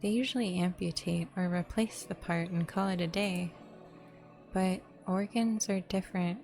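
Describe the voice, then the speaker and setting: A woman voicing a gentle, hushed woman boss grieving her sister in a story game. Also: fairly low pitch, steady tone, moderate pace, soft background music, lightly acted. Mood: reminiscing.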